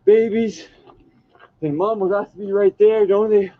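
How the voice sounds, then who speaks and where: Frightened man yelling outdoors. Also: high voice, fairly even intonation, unhurried. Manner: frantic, yelling and cursing. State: frightened, heart racing. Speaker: hiker filming a wild animal. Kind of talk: panicked shouting at an animal. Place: outdoors on a trail. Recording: dull lo-fi clip.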